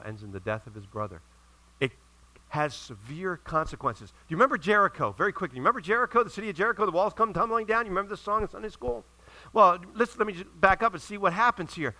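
A middle-aged male pastor preaching a sermon, retelling stories in a lively way and acting out the characters' lines. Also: mid-range voice, poor audio. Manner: animated storytelling with acted-out quotes.

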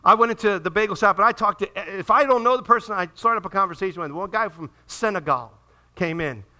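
A man pastor preaching a sermon in a church, swinging between loud emphatic peaks and quiet, hushed appeals. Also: high voice, fast talker. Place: church sanctuary.

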